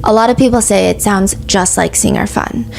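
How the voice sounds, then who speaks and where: A woman hosting a podcast, telling a true-crime story in a brisk, earnest, casual way and asking a lot of questions. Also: mid-range voice, vocal fry, soft background music. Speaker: podcast host.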